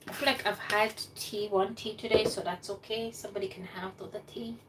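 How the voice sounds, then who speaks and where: A woman hosting a casual cooking live stream from her home kitchen, chatty and excitable, rambling as she goes. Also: mid-range voice, fairly quick. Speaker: cooking livestream host. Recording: distant mic with clear room noise.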